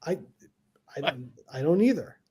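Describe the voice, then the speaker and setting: A man from Texas talks on a live stream over a video call, lively and fond of acting out other people's voices. His voice sits a little high and has a husky edge. It is relaxed, chatty guest talk. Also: moderate pace. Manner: animated storyteller who acts out quoted voices. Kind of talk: casual chat on a live stream.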